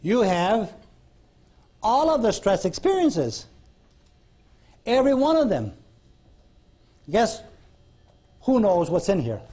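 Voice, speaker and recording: A man's voice: high-pitched, big pitch swings, takes it slowly, pauses often, mellow. Blunt folksy man lecturing a class. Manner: folksy, blunt storytelling, acts out dialogue with clients. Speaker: hypnosis instructor. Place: lecture room with audience.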